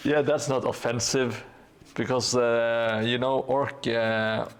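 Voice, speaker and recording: A man's voice: medium pitch, fairly bright tone, smooth. A man streaming live as he paints a tabletop gaming board, chatting casually in a hesitant way full of fillers and dry jokes.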